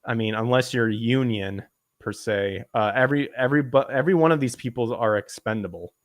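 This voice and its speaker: A man rants and swears his way through a casual podcast conversation. His voice sits in a middle range and keeps jumping higher as he gets heated. The sound is close and dry, with no room echo. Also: fairly quick. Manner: profane, ranting, pitch jumps when worked up. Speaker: podcast host.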